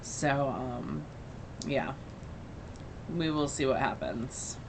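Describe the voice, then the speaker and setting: A woman's voice: a bass voice, drawn-out words, creaky, noisy background. A woman co-hosting a podcast, chatting casually in a rambling way, with a slight mix of Northern and Southern US accent. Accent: slight mixed Northern and Southern US. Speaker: podcast co-host. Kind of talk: casual chat.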